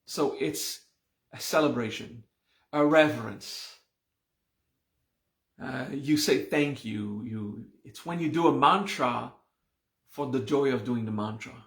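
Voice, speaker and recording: A man explains ideas at an unhurried, deliberate pace, pausing to check that his listeners follow. His voice sits in a mid range and carries a noticeable roomy echo, as if recorded in an open space. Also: medium pitch. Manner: slow, patient explaining with frequent "okay?" checks. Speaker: meditation and mantra teacher. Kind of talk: live online class explanation.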